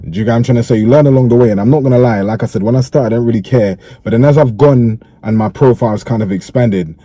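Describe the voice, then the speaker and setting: Talking fast in a warm, medium-pitched voice, this interviewee from a played clip sounds easygoing, and the recording has no room sound. Slang runs through his speech, along with "you get me" checks to make sure he's followed.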